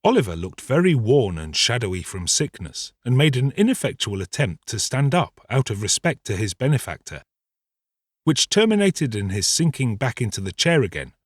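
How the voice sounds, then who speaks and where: A male audiobook narrator tells the story in a theatrical, expressive way. His voice is husky and very lively in pitch. It is recorded close and dry. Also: moderate pace, no echo.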